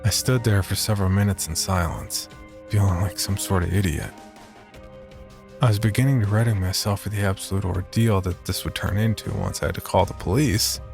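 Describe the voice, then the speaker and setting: A man narrating a first-person horror story in a measured, steady voice. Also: lowish voice, gravelly.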